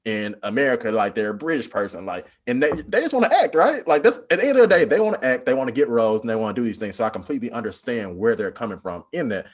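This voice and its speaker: A man in a loose podcast conversation, his voice sitting at an ordinary middle pitch. He rambles, leaning hard on "like" fillers, then jumps into lively, higher bursts when a point excites him. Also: fast, few pauses, slightly rough. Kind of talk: casual discussion.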